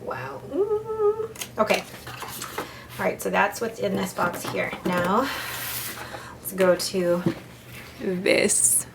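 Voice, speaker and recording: A young adult woman chatting casually and excitedly as she unboxes a new fountain pen, gushing and restarting her sentences. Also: lowish voice, slow, vocal fry, pauses often, noisy background.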